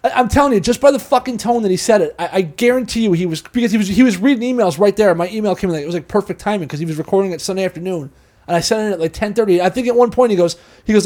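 A man with a high voice talks quickly. He rambles through a story, swearing often. The talk is loose, casual chat between podcast hosts. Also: a little mellow. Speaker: podcast host.

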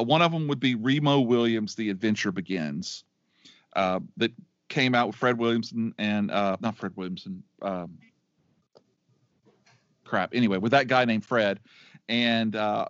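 A man's voice: mid-range voice, measured pace, a bit bright, no echo. A middle-aged man co-hosting a podcast in casual chat, rambling and enthusiastic, with many restarts. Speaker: podcast co-host. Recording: dry, dull lo-fi sound.

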